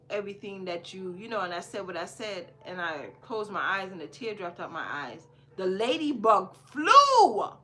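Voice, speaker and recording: A woman from Jamaica hosting a podcast, telling a personal story in a casual, animated way and repeating phrases for emphasis. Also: fairly high pitch. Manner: animated, repeats phrases for emphasis, swings between hushed and loud. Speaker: podcast host.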